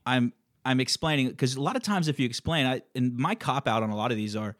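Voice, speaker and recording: A man's voice: mid-range voice, fast talker, fairly bright tone, dry recording, clean studio sound. A man telling stories from his land-buying business in a casual conversation. He acts out phone calls as he tells them. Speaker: land investor guest.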